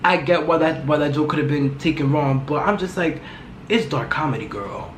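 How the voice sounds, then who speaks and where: Loud, blunt woman podcaster in an echoey room. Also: sits low, moderate pace. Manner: blunt, profane, gossipy. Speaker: podcast host. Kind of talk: casual solo podcast chat. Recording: echoey room with faint background noise.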